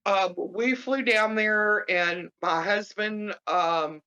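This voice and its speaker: A middle-aged woman, a guest, telling a personal story in a halting way, with many fillers and restarts. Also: sharp tone, smooth. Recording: muffled low-fidelity audio.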